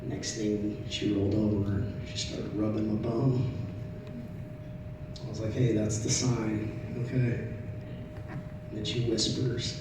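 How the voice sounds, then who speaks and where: A middle-aged man doing a stand-up comedy set, telling stories in a conversational way, loud at the punchlines and quiet in the asides. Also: medium pitch, lively intonation, measured pace. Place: comedy club stage. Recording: echoey room, distant mic, audible noise.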